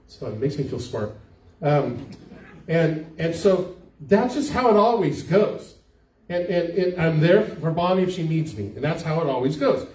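A man's voice: on the high side, expressive, normal speed, darkish tone. An older man, a pastor, giving a conversational sermon and putting questions to the congregation. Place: church sanctuary. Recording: echoey church hall, mic from far off.

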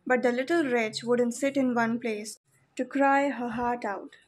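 Brief: female story narrator, measured reading, fairly high voice, faint background hiss. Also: fairly even intonation, low-quality recording.

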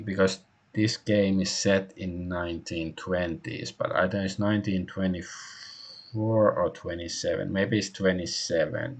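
Slow, gravelly-voiced man streaming a game. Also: low voice. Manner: musing, hesitant, many fillers. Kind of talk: casual gameplay commentary.

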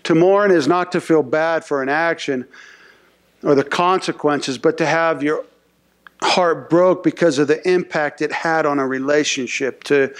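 A man's voice: fairly high pitch, a little slow. A male pastor giving a conversational sermon who acts out short voices and often repeats words as he talks.

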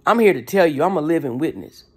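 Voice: mid-range voice, animated, quick pace, a little mellow, slightly rough. A motivational speaker who talks in an emphatic, preachy way with casual slang. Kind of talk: motivational talk.

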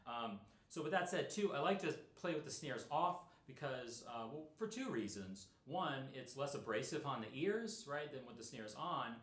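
A middle-aged man teaching snare drum in a relaxed, explanatory way, with many fillers. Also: medium pitch, normal speed, few pauses, reverberant. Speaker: percussion teacher. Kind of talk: instructional talk.

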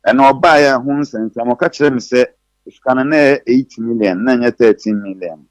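A Ghanaian man on a radio counselling show, telling his side in halting speech full of restarts. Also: mid-range voice, no echo. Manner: halting, restarts while recounting. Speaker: complainant guest.

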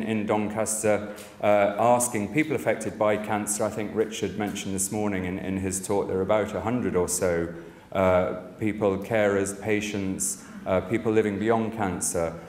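Low-voiced man speaking in a conference hall. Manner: storytelling, then reflective with frequent fillers. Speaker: conference speaker from a cancer support service. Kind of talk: conference talk with a humorous story.

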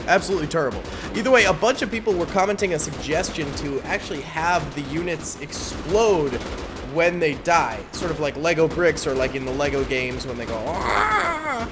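A man giving casual, excitable gameplay commentary on his gaming channel, exclaiming at big moments. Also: on the high side, moderate pace, noisy background. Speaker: gaming YouTuber. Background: faint game gunfire and music.

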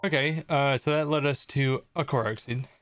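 A man's voice: medium pitch, steady tone, moderate pace, a bit bright, no echo, soft background music. A young man casually commenting on his gameplay as a streamer, chatting and joking with viewers. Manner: chatty, jokey, reads chat aloud.

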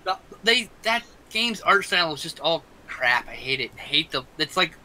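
A man's voice: fairly high pitch, sing-song, a loud crowd, poor audio. A man co-hosting a casual online chat show, ranting and swearing freely between jokes. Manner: profane, ranting, quick to joke. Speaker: podcast co-host.

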